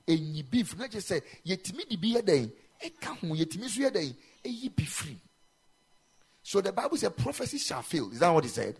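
A man preaching a sermon in a chapel, animated and emphatic, mixing in local-language phrases. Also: high voice, normal speed, slightly rough. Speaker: pastor.

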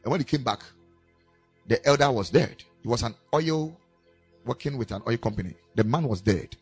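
A man's voice: medium pitch, normal speed, breathy edge, faint music behind. A man preaching a sermon at a church camp, telling stories and acting out the voices of the people in them. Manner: animated storytelling preacher, acting out quoted voices. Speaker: pastor.

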